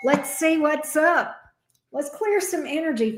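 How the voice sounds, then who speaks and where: Southern lady doing a tarot livestream, high bright voice, chatty, calls out viewers by name, kinda echoey room. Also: unhurried, faint music behind. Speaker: tarot reader hosting a livestream. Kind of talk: casual livestream chat.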